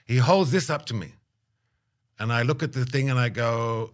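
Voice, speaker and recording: A man's voice: mid-range voice, moderate pace. A middle-aged man telling a travel story in an interview, acting out quotes and laughing often. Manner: animated anecdote-teller, acts out quotes, laughs often. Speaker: guest, aid worker.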